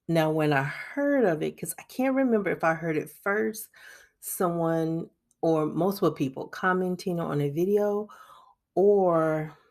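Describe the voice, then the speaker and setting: This budgeting vlogger has a deep voice with a darkish tone. She casually talks viewers through her monthly budget in a screen recording, chatty throughout, calling them "y'all" and laughing often.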